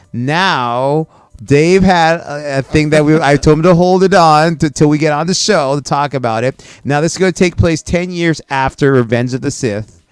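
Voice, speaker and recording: A man's voice: medium pitch, clean tone, dry recording. A man hosting a casual fan discussion show, playful and jokey, often cutting in. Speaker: podcast host.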